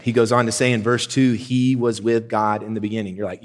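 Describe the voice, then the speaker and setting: A man preaching a sermon, excited and emphatic, swinging from loud bursts down to quiet, slow stressed words. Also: fairly low pitch. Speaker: pastor.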